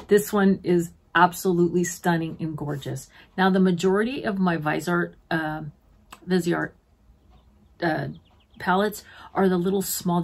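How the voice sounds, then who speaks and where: A middle-aged woman with a husky, fairly low voice talks casually to her viewers. She gushes over makeup palettes as she unboxes them in her home beauty room, chatting as if to friends. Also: darkish tone. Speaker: beauty vlogger.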